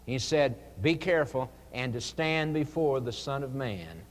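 Slow, earnest male preacher in a reverberant hall. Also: medium pitch, expressive. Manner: earnest, pleading evangelistic preaching with dramatic pauses. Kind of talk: sermon.

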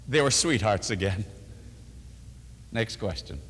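Older man preaching in a big hall. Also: moderate pace. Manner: animated storytelling, voices quotes with rising pitch. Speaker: preacher answering questions. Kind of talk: sermon.

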